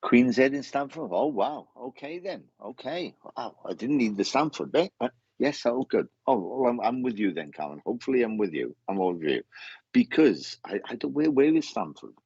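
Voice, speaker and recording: A man gives a live mediumship reading in halting, repetitive bursts, often restarting his sentences. His voice is very low, husky and gravelly. The dry recording sounds slightly dull and lo-fi. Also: a little mellow, no echo. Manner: halting, repetitive, with many restarts and self-corrections.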